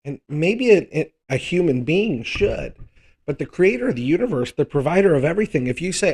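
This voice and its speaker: A man's voice: on the high side, sing-song, a little fast, darkish tone, breathy edge. A man teaching a live Bible study, conversational and thinking aloud, often checking in with rhetorical questions.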